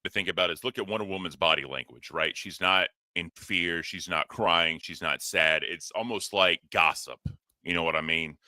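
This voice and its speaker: A man calmly reasoning through a point in casual commentary chat. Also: low voice, moderate pace, no room sound.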